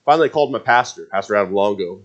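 A man's voice: on the low side, animated, rapid-fire. A man in his forties telling a casual personal story, rambling with many restarts and fillers. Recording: dull lo-fi sound.

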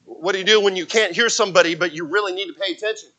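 High, bright-voiced man preaching. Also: fairly even intonation, very fast, rough recording. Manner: conversational preaching, repeats words, acts out stories. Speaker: pastor. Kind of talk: sermon.

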